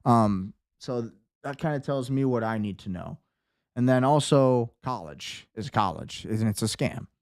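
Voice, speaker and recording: A man's voice: mid-range voice, animated, measured pace, darkish tone, no room sound, studio quality. A man hosting a casual commentary show, ranting bluntly with sarcasm. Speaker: host.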